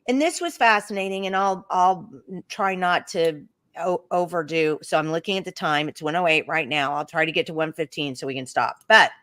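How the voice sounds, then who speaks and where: A middle-aged woman with an Oklahoma accent, co-hosting a talk show and telling a long travel story in an animated, chatty way. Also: mid-range voice, no echo, clean studio sound. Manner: animated storyteller, puts on voices for quoted people. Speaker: co-host.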